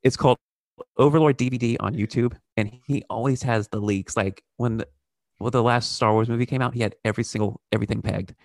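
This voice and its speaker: Gravelly fast-talking man, casual host. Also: mid-range voice, steady tone, dry recording, studio quality. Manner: rambling, swears freely. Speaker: podcast host. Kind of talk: casual chat.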